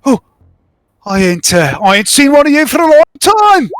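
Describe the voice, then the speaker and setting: A man's voice: very high voice, sing-song, moderate pace, no room sound, voice pushed up. A man voicing a scruffy middle-aged male market trader who is eager and friendly. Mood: chummy.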